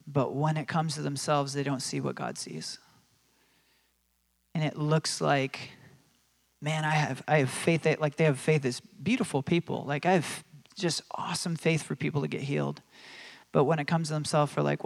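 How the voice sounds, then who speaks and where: A man's voice: fairly high pitch, vocal fry. A man preaching a sermon in a conversational way, with many fillers and restarts, acting out quoted voices with animation.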